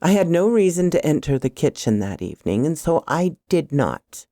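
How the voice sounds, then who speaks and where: A woman with a low, mellow voice reads a first-person horror story. Her pitch swings widely as she builds suspense, and the sound is close and dry. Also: big pitch swings, normal speed, no room sound.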